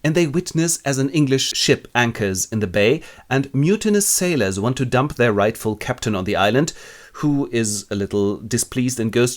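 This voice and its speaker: A man's voice: mid-range voice, lively intonation, normal speed. A man narrating a comic literature summary in a wry, ironic, playful way.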